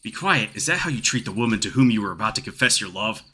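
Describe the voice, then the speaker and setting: A man voicing a spirited, quick-tempered young woman fighter from a fantasy game, reading her lines with a teasing, sharp-tongued bite. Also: on the low side, lively intonation, breathy edge, heavily acted. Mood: indignant.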